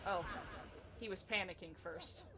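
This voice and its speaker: Against a noisy background, a young gameplay commentator talks casually over her life-simulation game. She speaks a little slowly in a lowish voice, chatty and excitable, giggling with frequent laughs.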